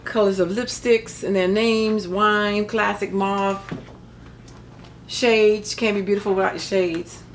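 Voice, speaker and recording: A woman's voice: medium pitch, steady tone, slow pace, slight background noise. A middle-aged woman chatting casually through a craft paper haul, rambling with joking asides. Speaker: crafting vlogger. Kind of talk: casual haul show-and-tell.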